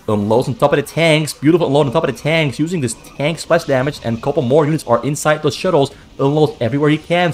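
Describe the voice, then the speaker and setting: A man giving solo play-by-play commentary on a strategy game match, brisk and running, often repeating key phrases for emphasis. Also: medium pitch, a little mellow. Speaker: esports caster.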